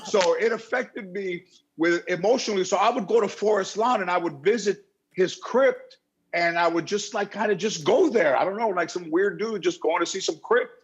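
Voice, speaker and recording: A middle-aged man telling a rambling, animated story as a talk show guest. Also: high-pitched, normal speed, husky, highs cut off. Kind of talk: casual storytelling.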